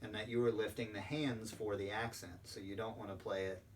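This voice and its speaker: Low-voiced drum teacher, mic set far off. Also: male voice, steady tone, fairly quick. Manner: patient, step-by-step explaining with frequent ums. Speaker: percussion instructor. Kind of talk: recorded instructional lesson. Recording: distant mic with faint background noise.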